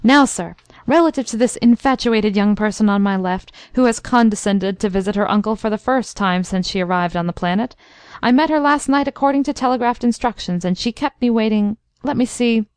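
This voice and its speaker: A woman's voice: on the high side, fairly quick, darkish tone, clear, resonant tone, no echo, clean studio sound, natural voice. A woman doing a bustling old Major, formal and teasing. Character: blustering older male major, fond uncle.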